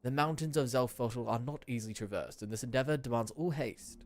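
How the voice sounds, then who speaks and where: Man reading as a stately older lord from a fantasy game, formal, courteous, middle pitch. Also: fairly quick, faint music behind, close to an everyday voice. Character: dignified older male nobleman lord.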